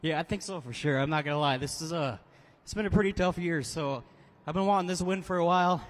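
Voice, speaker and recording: A man's voice: fairly high pitch, quick pace. A man who drives monster trucks, giving heartfelt, choked-up thanks in a live interview inside a large indoor arena. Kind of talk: live post-event interview. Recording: long arena reverb.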